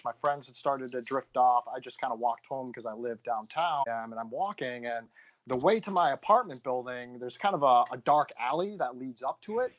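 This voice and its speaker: A young adult man on a podcast, casually telling a rambling story and tagging his lines with "right?". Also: mid-range voice. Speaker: podcast co-host. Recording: dull lo-fi sound.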